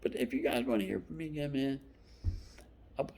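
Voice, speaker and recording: A man in his fifties telling rambling stories, profane and loose, dropping into whispered asides between louder bursts. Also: medium pitch, a little fast. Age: 50s. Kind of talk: rambling storytelling monologue.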